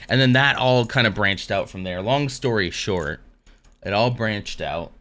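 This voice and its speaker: A man's voice: lowish voice, lively intonation, normal speed, bright, forceful tone. A man hosting a casual live stream, rambling along between dad jokes. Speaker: livestream host.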